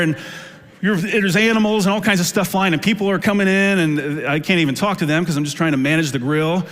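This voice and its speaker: In a church sanctuary with a long hall reverb, a middle-aged man preaches as pastor, his sermon conversational and story-driven, with plenty of fillers. He speaks with a fairly high pitch and a fairly bright tone.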